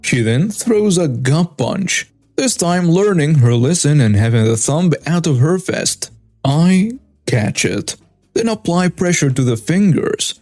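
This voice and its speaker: A man narrating a first-person story with wry, animated asides. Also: on the high side, measured pace, no room sound, faint music behind.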